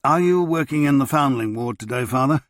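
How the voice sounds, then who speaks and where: A man's voice: mid-range voice, brisk, dry recording, studio quality, pitched above the performer's own voice, natural voice. Man doing a weary, curt doctor. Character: tired dutiful male doctor, middle-aged.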